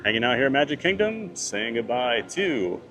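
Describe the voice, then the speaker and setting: This theme park vlogger speaks at a moderate pace in a medium-pitched, slightly bright voice, very animated as he streams live outdoors at the park. He reads out the live chat and answers viewers casually.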